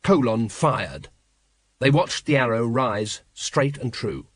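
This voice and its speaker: A man narrating an audiobook in a measured, wry storytelling manner. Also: mid-range voice, big pitch swings. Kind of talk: scripted narration.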